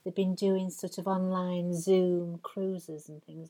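A woman's voice: on the low side, flat delivery, a little slow, dark tone. Teasing woman hosting a podcast. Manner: homely, teasing, calls people love. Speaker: podcast host. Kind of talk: chatty comic podcast banter. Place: home back bedroom.

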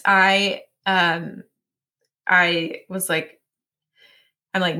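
A woman in her forties, speaking slowly at medium pitch and pausing often, tells a personal story as an interview guest. Chatty and heavy on fillers, she frequently acts out her inner voice in animated self-quotes.

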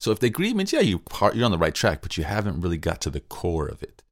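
A man's voice: low-pitched, huge pitch swings, quick pace, dry recording, clean studio sound. A man hosting a podcast, talking through a couple's argument and acting out both sides. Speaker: podcast host. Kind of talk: explaining a relationship scenario.

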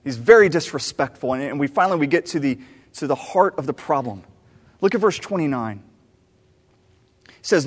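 A preacher from the American South delivers a sermon with a fairly high, expressive voice. He retells the story animatedly, repeating key phrases. The sound carries a long reverb from a big church sanctuary. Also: normal speed, long pauses. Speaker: pastor. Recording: long reverb of a large hall.

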